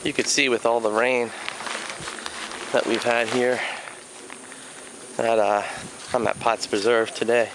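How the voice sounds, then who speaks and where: A man narrating his hike through a flooded riverside preserve in an unhurried, plainspoken way. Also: mid-range voice, level tone, background noise. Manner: unhurried, plainspoken, grumbles about litter. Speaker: hiking vlogger. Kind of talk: casual outdoor narration. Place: outdoors by a river in a nature preserve. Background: insects and crickets, rural ambience.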